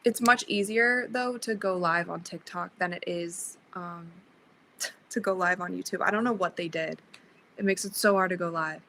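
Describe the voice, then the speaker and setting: Bright-voiced young woman livestreaming. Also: on the low side, moderate pace, a little hiss or hum, low-quality recording. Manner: chatty, reads viewer comments aloud, laughs often. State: sleepy, yawning. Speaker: livestream host. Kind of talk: casual livestream chat.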